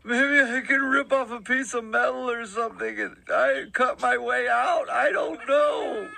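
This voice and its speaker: A man's voice: very high voice, a little slow, vocal fry, bright, forceful tone. A man doing a radio prank call, pleading and panicking as if he were trapped in an elevator, with nervous laughs.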